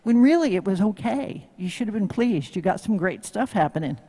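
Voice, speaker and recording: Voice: mid-range voice, lively intonation, a little fast, mellow, slightly rough, in a large hall. A horsemanship instructor with a Tennessee accent, giving a folksy, joking live demo talk and quizzing the crowd. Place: live event venue.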